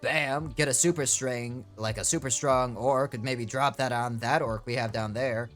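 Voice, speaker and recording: A man streaming a card pack opening in casual chat, excitable and rambling, with frequent swearing. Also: medium pitch, moderate pace, faint music behind.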